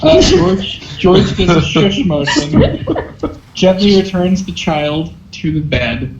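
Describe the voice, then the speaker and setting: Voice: mid-range voice, sing-song, slow pace. A player in casual tabletop game chat, playful and joking, narrating a character's moves. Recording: dull, roomy amateur recording with clear noise.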